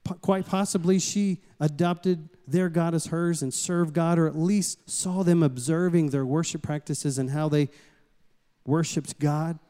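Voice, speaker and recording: A man from the States, preaching a sermon as a pastor and calling out to the congregation in a lively storytelling way. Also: fairly high pitch, unhurried, smooth. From Southern United States. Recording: long hall reverb.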